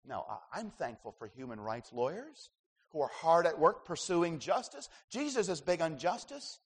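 A man preaching a sermon as pastor, swinging between loud emphasis and hushed asides. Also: a little high, sing-song, moderate pace, slightly rough, in a large hall.

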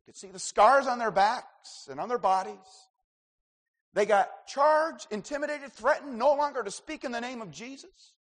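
A man preaching a sermon as pastor, swinging between loud emphasis and hushed asides. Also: very high-pitched, moderate pace, big-room sound.

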